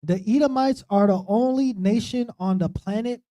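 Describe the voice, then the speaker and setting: A man's voice: high voice, moderate pace, mellow. Casual man preaching, saying "right?" a lot. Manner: conversational, keeps asking "right?". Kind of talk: informal Bible study teaching. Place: streamed church talk show.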